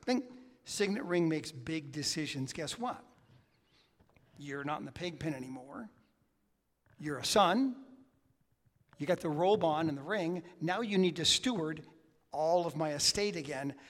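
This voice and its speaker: A man preaching a sermon as pastor, swinging between hushed asides and loud, emphatic peaks. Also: a little high. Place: church sanctuary. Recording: long hall reverb.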